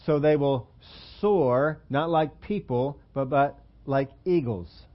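A man's voice: mid-range voice, animated, slow pace, hardly any pauses. A man preaching a conversational sermon as pastor, joking about himself and putting questions to his listeners. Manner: conversational, self-deprecating, asks the congregation questions. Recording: dull lo-fi sermon audio.

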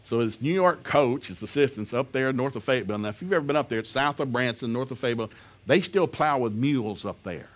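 A man telling a humorous story to an audience, animated and laughing often as he talks. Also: medium pitch, fast. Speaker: speaker.

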